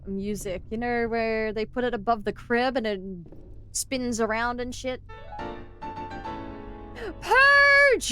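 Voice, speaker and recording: A woman's voice: medium pitch, fairly bright tone, clear, resonant tone. An Australian woman streaming a game, chatting with viewers in a joking way and laughing often. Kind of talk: casual gameplay chat.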